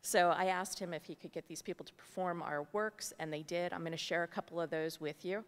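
A woman's voice: lowish voice, steady tone, brisk. A middle-aged woman artist speaking to a gathering, telling a personal story in a candid, earnest way with many asides. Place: large meeting hall. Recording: long hall reverb.

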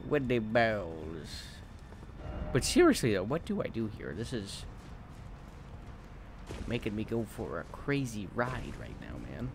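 A young man streaming a video game, commentating loudly as he swears at being lost. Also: fairly low pitch, wildly swooping pitch, unhurried, creaky, pauses often, noisy background. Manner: loud, swearing and frustrated with the game. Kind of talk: live gameplay commentary.

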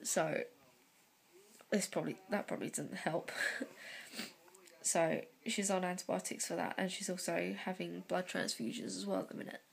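A young woman talking to camera in a personal vlog, close to tears, halting and full of fillers and sighs. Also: lowish voice, fairly even intonation, vocal fry, breathy edge. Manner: slow, hesitant delivery. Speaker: vlogger.

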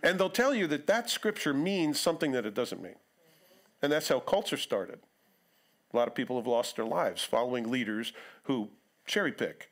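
A man's voice: medium pitch, very animated, normal speed. Conversational man preaching a sermon. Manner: conversational, acts out quotes with voices. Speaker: pastor. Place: church.

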